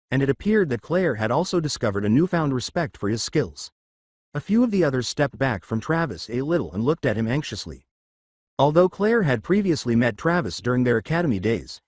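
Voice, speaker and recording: A man reading fan fiction aloud with a steady storytelling manner. His pitch moves in a lively way. The recording is dry and close. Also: no room sound. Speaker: narrator.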